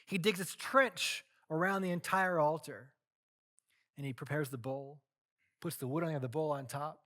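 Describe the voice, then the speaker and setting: A male pastor preaching a sermon, retelling a scripture story in a casual, animated way. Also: on the high side, normal speed.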